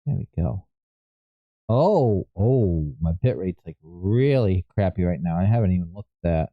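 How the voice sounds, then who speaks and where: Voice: deep voice, lively intonation, moderate pace, no echo, phone-quality sound. A live streamer chatting casually and thinking aloud, often stopping to correct themself.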